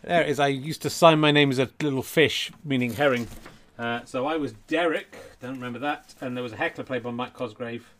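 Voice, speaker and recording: A man's voice: mid-range voice, brisk, fairly bright tone. A middle-aged man hosting a podcast from home, rambling and self-deprecating, a little tipsy and flustered. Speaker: podcast host. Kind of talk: casual chat. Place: home during lockdown.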